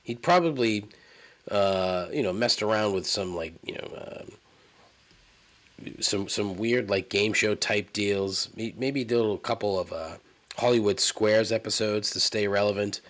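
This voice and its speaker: In a casual solo podcast monologue, a man with a lowish, slightly bright voice tells a story at an unhurried pace. The host rambles, swears, and sounds incredulous.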